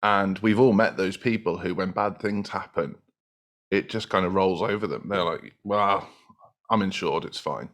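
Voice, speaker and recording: A man's voice: sits low, normal speed, a bit bright. A man hosting a podcast, talking in a reflective, agreeable way as he builds on his guest's points. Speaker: podcast host. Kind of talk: casual podcast conversation.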